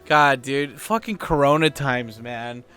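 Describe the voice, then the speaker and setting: A YouTuber speaking at home in a casual talking-head chat, rambling and profane with plenty of fillers. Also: male voice, medium pitch, slow pace, sharp tone, smooth, faint music behind.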